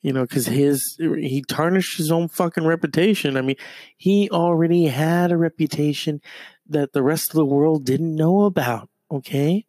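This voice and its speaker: A man's voice: a little high, normal speed, dark tone, no room sound. A man doing a profane, rambling comedic rant that is full of fillers and restarts. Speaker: comedic commentator.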